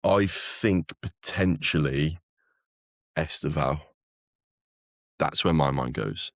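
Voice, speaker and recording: A man's voice: very deep voice, slow, no room sound, studio quality. A man co-hosting a podcast, talking football in a casual, rambling way with lots of fillers and restarts. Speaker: podcast co-host.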